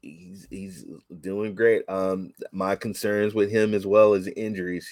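A man co-hosting a casual sports chat, talking excitably with many halting restarts. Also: sits low, no room sound. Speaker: podcast co-host.

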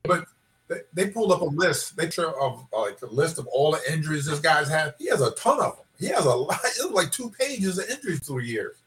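A man's voice: on the high side, very animated, brisk, a bit bright, far from the mic, rough recording. A man chatting casually about sports over a video call, loose and offhand.

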